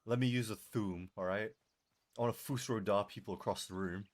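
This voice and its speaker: On his live stream, he's animated and laughs readily while casually replying to chat. The voice is lowish and sounds strained, like he's tiring.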